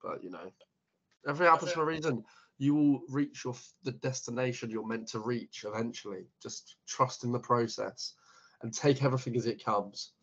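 A man's voice: medium pitch, fairly quick, fairly bright tone, breathy edge, dull audio. A young man co-hosting a podcast in casual chat, swearing freely and laughing often. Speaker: podcast co-host.

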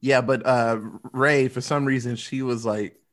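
A man's voice: medium pitch, a little slow. A man co-hosting a podcast in casual chat, rambling and acting out quotes. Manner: rambling, animated quoting. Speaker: podcast co-host.

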